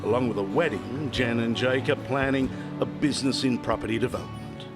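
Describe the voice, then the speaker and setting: Man narrating a TV story over music. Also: mid-range voice. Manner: measured storytelling delivery. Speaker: reporter narrating. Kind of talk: scripted TV narration. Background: music bed.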